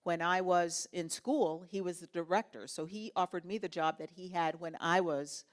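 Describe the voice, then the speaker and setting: Earnest woman telling her story, lowish voice. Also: steady tone, moderate pace. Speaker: guest speaker. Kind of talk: storytelling in an interview. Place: university lunch talk event.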